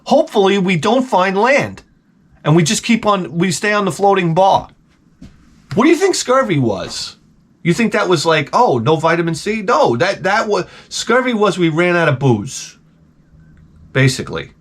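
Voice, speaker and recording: A man's voice: high voice, normal speed, husky. A man, telling a profane, rambling story in a casual vlog. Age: 40s. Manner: animated, profane, repeats himself. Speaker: vlogger.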